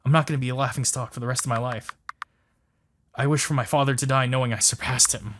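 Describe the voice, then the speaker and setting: Bitter ambitious male painter read by a man, resentful, declaiming, mid-pitched. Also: steady tone, fast, fairly bright tone, slight background noise, close to an everyday voice. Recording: music playing behind.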